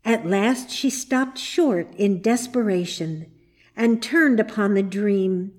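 A woman narrating a storybook in a measured, unhurried reading voice. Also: mid-range voice, darkish tone.

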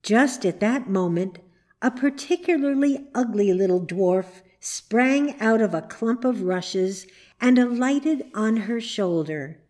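Slow woman reading a storybook. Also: a little high, lively intonation, a little mellow. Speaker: narrator.

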